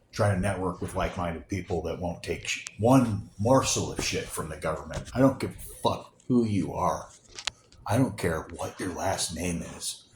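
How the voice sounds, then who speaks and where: A man vlogging in an angry, unscripted rant, heated and profane, rambling with many restarts and sometimes dropping to a near whisper. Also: low voice. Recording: roomy echo, faint background noise.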